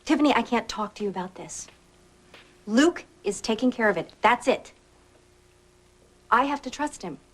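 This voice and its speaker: An actress playing an earnest, troubled young wife in a soap opera, from an old TV tape. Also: female voice, on the high side, lively intonation, normal speed, long pauses. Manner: earnest, emotional. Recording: old TV tape with soft music.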